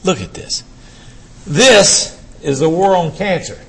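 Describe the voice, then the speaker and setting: Older man, academic lecture, husky voice, emphatic rhetorical questions, lecture hall. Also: high-pitched, lively intonation, slow pace. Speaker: urology professor giving a lecture.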